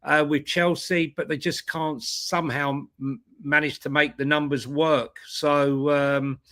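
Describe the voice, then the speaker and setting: Co-host, male, bright and forceful tone, chatty, laughs easily. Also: on the high side, level tone, unhurried. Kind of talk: casual football chat.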